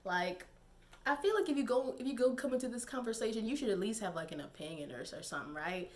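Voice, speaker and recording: A woman's voice: a little high, expressive, fast. A young woman giving casual, digressive commentary to camera, laughing and using many fillers. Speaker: YouTube commentator.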